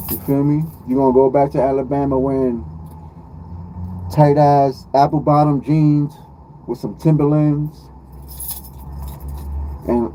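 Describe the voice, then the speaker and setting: A man's voice: medium pitch, mellow, a little hiss or hum, poor audio. A man from New York City with a New York accent, chatting casually on a live stream, joking in slang and repeating his lines.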